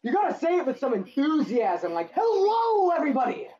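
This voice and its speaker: Giggly high-voiced woman gamer, lo-fi. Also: sing-song, mellow. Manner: giggly and teasing, quick banter. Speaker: gaming channel host. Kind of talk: casual gameplay chat with friends.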